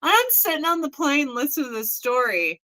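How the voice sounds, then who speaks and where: A woman's voice: high-pitched, sing-song, fairly quick, bright, forceful tone, poor audio. A woman in her forties hosting a casual morning chat, blunt and profane, often mocking people in put-on voices. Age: 40s. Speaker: host.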